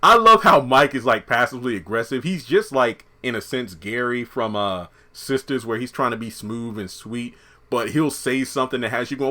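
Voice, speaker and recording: A man's voice: medium pitch, normal speed, sharp tone. A man giving a casual, joking review of a TV episode, chatty and loose with some profanity.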